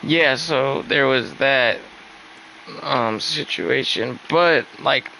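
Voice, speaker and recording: A man's voice: medium pitch, very slow, gravelly, sharp tone, a little hiss or hum, low-quality recording. A young man venting casually in a rambling, upset way, with lots of fillers and swearing. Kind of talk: casual venting while gaming.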